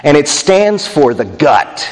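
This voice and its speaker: Man preaching in a reverberant hall. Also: sing-song. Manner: expository, drops low and quiet on key words, slows for emphasis. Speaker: pastor. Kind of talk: sermon. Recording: long reverb of a large hall.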